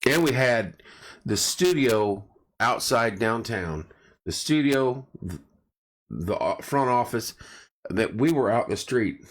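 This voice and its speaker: A man's voice: mid-range voice, lively intonation, slow pace, long pauses. A middle-aged man losing his voice, hosting a casual live chat and greeting viewers by name as he rambles. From central Indiana. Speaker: live stream host.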